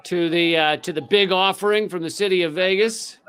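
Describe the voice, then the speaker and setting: A man's voice: high-pitched, moderate pace, fairly bright tone, smooth. A man hosting a live-streamed comedic news show, riffing loosely and sarcastically with profanity and lots of fillers.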